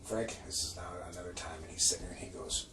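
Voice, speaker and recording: A man's voice: sits low, fast. Man, podcast co-host, profane storyteller, roomy echo, far from the mic. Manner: profane animated storytelling, laughs often. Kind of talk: casual chat. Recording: echoey room from a distance, faint noise.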